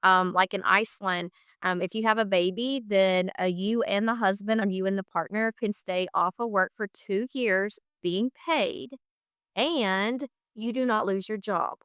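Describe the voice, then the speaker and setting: A woman with a clear, smooth voice talks earnestly in a relaxed podcast chat. She leans on repeated phrases to press her points. The sound is close and dry. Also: medium pitch, measured pace, no echo. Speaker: guest, founder of an equine therapy charity. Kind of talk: casual podcast conversation.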